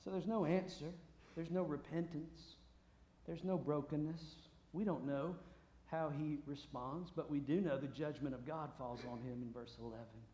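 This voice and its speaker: High-pitched preacher booming in an echoey room. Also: male voice, moderate pace. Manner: swings from booming shouts to hushed asides. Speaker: pastor. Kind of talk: sermon. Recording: roomy echo.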